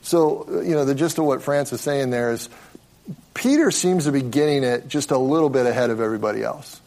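A man teaching a Bible study in a relaxed, conversational way, explaining as he goes and often restarting his sentences. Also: medium pitch, a little fast.

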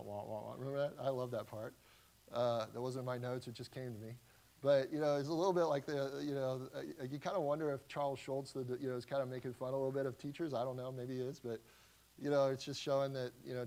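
A man delivering an expository sermon as a pastor, teaching verse by verse in a conversational, animated way with frequent restarts. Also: medium pitch.

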